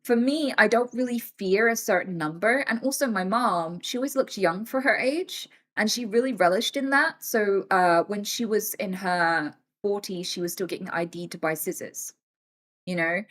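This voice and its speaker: A woman in her thirties talks straight to her stream viewers in a loose, chatty way. She swears freely and keeps her voice lively, even slipping into other people's voices to act out what they said. Her pitch sits in the middle of the range. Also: normal speed. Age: 30s. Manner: animated and swearing, acts out quoted voices. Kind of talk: casual live-stream chat.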